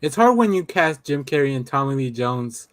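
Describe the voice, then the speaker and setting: A man's voice: medium pitch, big pitch swings, moderate pace, fairly bright tone, no echo. A man in a casual podcast discussion, laid-back and easygoing.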